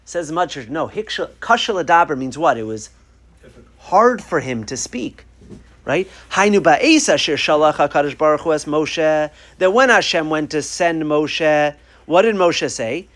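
A man's voice: a little high, animated, moderate pace, fairly bright tone. A man teaching a Torah class on the weekly portion, quoting Hebrew sources from a sheet and acting out the exchanges as he explains them.

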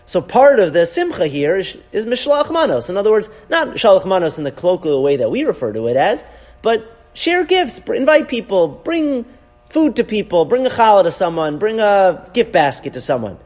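Rabbi giving a Torah class, male, high voice, swoops up and down, keeps asking "right?". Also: moderate pace. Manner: animated, asks rhetorical questions, frequent "right?"; weaves in Hebrew terms.

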